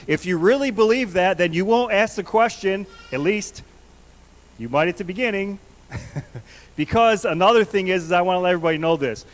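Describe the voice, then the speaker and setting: A man's voice: sits high, brisk, poor audio. Earnest man preaching a sermon. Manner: earnest, conversational, repeats questions to the congregation. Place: church sanctuary.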